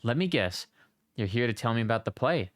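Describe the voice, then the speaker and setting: A streamer voicing a bored, sardonic man from a fantasy game. He drawls in a lowered voice, dry and sarcastic. The recording is close with no room sound. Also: lively intonation, a little fast, dry recording, natural voice.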